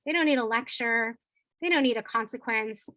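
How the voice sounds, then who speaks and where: A woman teacher giving a training talk, lively and acting out playful phrases she uses with kids. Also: on the high side, normal speed, a little hiss or hum, low-quality recording.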